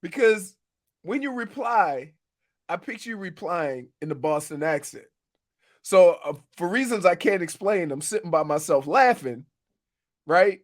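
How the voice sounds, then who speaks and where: A man's voice: sits high, animated, a little slow. A man co-hosting a sports radio show, telling jokey stories in casual banter and laughing at his own lines.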